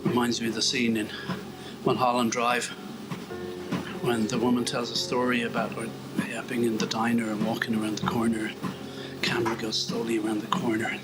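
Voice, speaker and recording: A man's voice: mid-range voice, fairly quick, low-quality recording. An Irish man musing as he works out on a treadmill, rambling and self-mocking and often dropping to a murmur. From Ireland. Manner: self-mocking and rambling, murmurs asides under his breath. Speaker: video blogger. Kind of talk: musing commentary while exercising. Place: indoors on a treadmill. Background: calm instrumental music.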